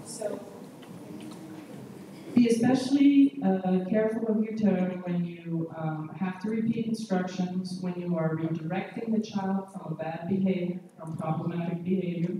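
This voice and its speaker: A woman pediatrician giving a measured, explanatory conference lecture and often checking in with the audience. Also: fairly low pitch, background noise. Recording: echoey hall, mic far off.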